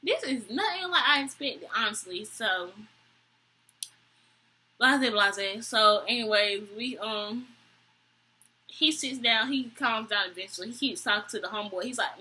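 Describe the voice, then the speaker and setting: A young woman, telling a story to camera in an animated, exasperated way. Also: unhurried, long pauses, husky, rough recording. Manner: animated, exasperated, quotes people with high voices. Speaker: vlogger. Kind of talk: storytime vlog, casual chat to camera.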